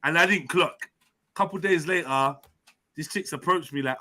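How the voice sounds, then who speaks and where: Male host, high and bright voice, loose slangy storyteller. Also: moderate pace. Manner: animated storytelling with slang and swearing. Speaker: host and personal trainer. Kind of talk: casual live-stream chat.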